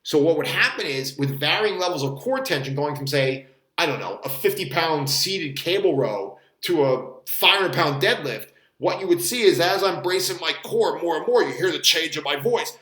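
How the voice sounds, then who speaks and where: Casting note: high-voiced male fitness coach, rambling, swears offhand, recorded in an echoey room. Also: animated, normal speed, fairly bright tone. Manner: rambling, swears casually, demonstrates strained voice while bracing. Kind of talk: casual rambling explainer.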